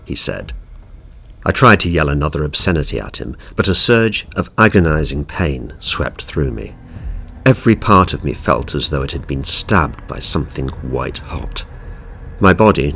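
Brief: deep-voiced male audiobook narrator, steady pace. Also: vocal fry, slight background noise. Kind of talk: first-person audiobook narration.

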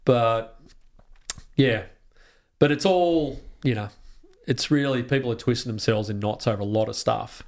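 An Australian man speaking as a guest in a relaxed podcast chat. His voice sits at an ordinary middle pitch, and he talks with real passion, swearing freely and restarting sentences as his thoughts race ahead. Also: a little slow, pauses often. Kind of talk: casual conversation.

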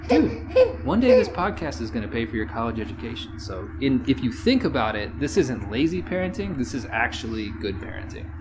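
A man's voice: medium pitch, very animated, fairly quick. Man, podcast host, rambling, profane, casual chat, audible background noise.

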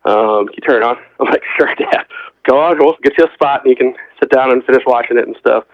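A man's voice: medium pitch, fast talker, no room sound. Casual male podcast co-host, rambling storyteller, muffled dry mic. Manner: rambling storyteller, acts out quotes. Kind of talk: casual chat. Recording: dull, dry lo-fi sound.

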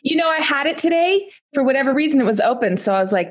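A woman's voice: sits high, lively intonation, quick pace, few pauses. Casting: woman podcast host, encouraging, easygoing, on a video call. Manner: warm encouraging, thanks the guest. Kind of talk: casual interview.

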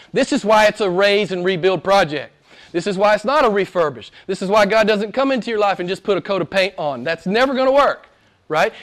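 A man preaching a sermon, emphatic, slowing on key words and sometimes dropping to a near-whisper, asking his listeners rhetorical questions. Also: high voice.

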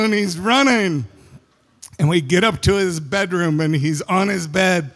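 A man's voice: high voice, unhurried, a bit bright. A middle-aged male pastor preaching a sermon, telling a family story with acted quotes and laughing at his own anecdotes. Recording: long hall reverb.

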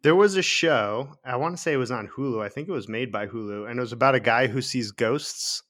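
A man's voice: medium pitch, a little fast, a bit bright. A married man co-hosting a casual podcast, rambling and searching for words as he tells things. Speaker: podcast co-host. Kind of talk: casual chat.

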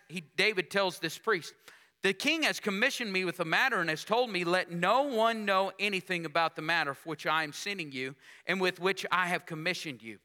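Preacher guy, high bright voice, keeps asking the church if they're hearing him. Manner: call-and-response preaching, rhetorical questions to the congregation; reads scripture aloud with dramatic emphasis. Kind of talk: sermon.

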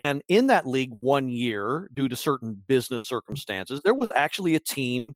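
A man's voice: medium pitch, big pitch swings, moderate pace, dry recording, clean studio sound. A man hosting a casual sports podcast, rambling and wry with lots of fillers. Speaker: podcast host.

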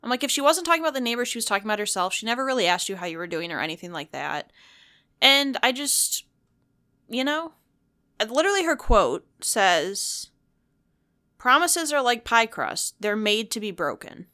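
A woman's voice: on the high side, big pitch swings, moderate pace, bright, forceful tone. A woman co-hosting a casual chat, blunt and opinionated, often laughing.

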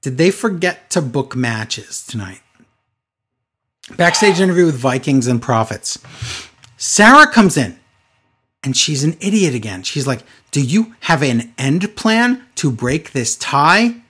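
Male co-host, husky and slightly high, sarcastic recap banter. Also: very animated, unhurried, bright, forceful tone. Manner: sarcastic, mocking recap with quoted voices. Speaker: podcast co-host recapping wrestling. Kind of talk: casual chat.

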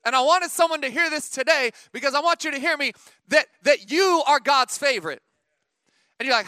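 A middle-aged male pastor preaching a sermon, his voice unusually high and bright. He talks to the congregation like a conversation, then presses his points with emphatic calls. The sound is dry and close. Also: animated, brisk, dry recording. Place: church.

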